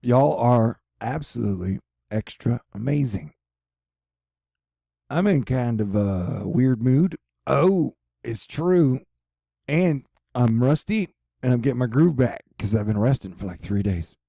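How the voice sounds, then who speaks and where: Casting note: young male vlogger, dry and self-mocking, gravelly low-key voice, close dry sound. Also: animated, unhurried, dark tone, no echo. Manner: rambling, sarcastic, self-mocking. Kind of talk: casual rambling vlog. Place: his apartment.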